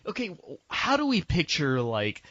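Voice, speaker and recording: A man's voice: a little high, wildly swooping pitch, moderate pace, heavy background noise. A man co-hosting a casual podcast review, ranting with lots of fillers and swearing. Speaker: podcast co-host. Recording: dull lo-fi sound.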